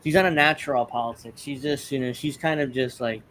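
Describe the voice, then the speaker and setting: A man's voice: medium pitch, fairly even intonation, fast, few pauses, fairly bright tone, slight background noise. A man from the Northeastern United States hosting a casual political commentary show, talking in a mocking, chatty way with many restarts. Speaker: host.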